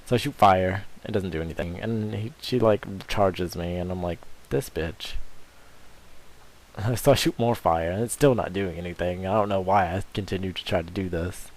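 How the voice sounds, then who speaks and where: Dude with a lowish voice rambling over a zelda-style playthrough, crude jokes, lots of swearing. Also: male voice, normal speed, few pauses. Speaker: gameplay commentator. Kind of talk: casual let's-play commentary.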